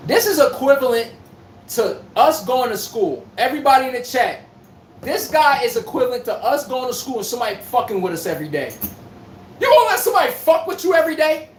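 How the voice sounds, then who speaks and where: Animated trash-talking sports podcast host. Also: male voice, extremely high pitch. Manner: animated, profane trash talk to chat. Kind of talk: live-stream sports talk. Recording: echoey room from far off, faint noise.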